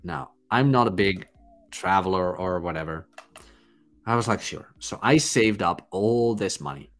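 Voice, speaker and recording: A man who hosts a podcast, giving a blunt, crude, animated casual monologue. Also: low-pitched, unhurried, faint music behind. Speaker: podcast host.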